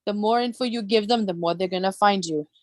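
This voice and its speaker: A woman's voice: medium pitch, fairly quick, no room sound. A woman hosting a casual livestream chat, talking bluntly and swearing constantly as she rants. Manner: blunt, heavy swearing, animated ranting. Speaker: live stream host.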